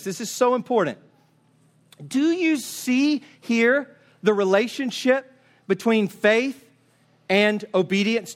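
A man's voice: high voice, fairly bright tone. A man preaching a sermon, emphatic and urging, asking his listeners question after question. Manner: emphatic, urging, asks repeated rhetorical questions. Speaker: pastor.

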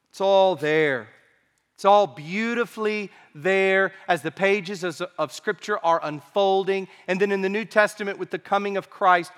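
A man preaching a sermon as pastor, swinging from quiet asides to emphatic rising phrases, with an occasional cough. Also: sits high. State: coughing now and then. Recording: long hall reverb.

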